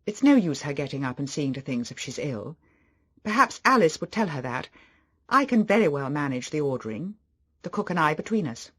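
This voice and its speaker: A man's voice: fairly high pitch, very animated, a little fast, fairly bright tone. Man doing nervous young wife, raised voice, anxious, audiobook.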